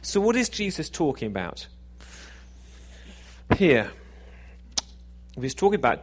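A man's voice: fairly high pitch, sing-song, measured pace, pauses often. Chatty jokey male preacher. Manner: conversational, self-deprecating, jokey. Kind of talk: sermon.

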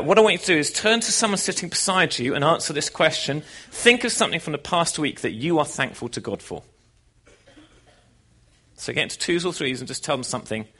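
Bright-voiced preacher telling a joke. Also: male voice, on the high side. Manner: animated storytelling. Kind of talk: sermon with a joke.

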